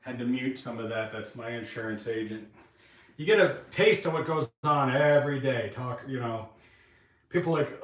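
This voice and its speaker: A man's voice: mid-range voice, moderate pace, a bit bright. A man hosting a casual live stream from his private workshop, rambling and venting his frustrations with plenty of swearing while he works. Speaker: webcam channel host. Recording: echoey room, mic far off.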